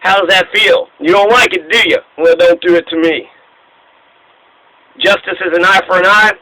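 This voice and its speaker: A man's voice: high voice, fairly even intonation, normal speed, pushed and bright, low-quality recording. A man ranting angrily about politics and the news, swearing freely and taking a sarcastic tone. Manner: angry, profane, sarcastic. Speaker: political commentator. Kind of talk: profane ranting monologue.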